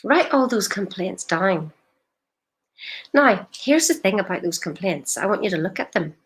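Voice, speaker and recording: A woman's voice: mid-range voice, animated, a little slow. A woman, a life coach talking directly to a live-stream audience in an emphatic, questioning way.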